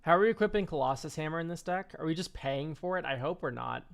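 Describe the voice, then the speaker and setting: A man's voice: on the high side, expressive, quick pace, gravelly. A man streaming a casual card-game deck review, rambling and offhand, swearing and laughing easily.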